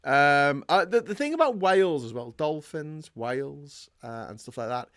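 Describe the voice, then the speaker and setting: A man's voice: a little high, lively intonation, normal speed, a bit bright, dry recording, studio quality. A man hosting a casual talk show, blunt and sweary, reading out viewer comments and ranting. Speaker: podcast host. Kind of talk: casual chat.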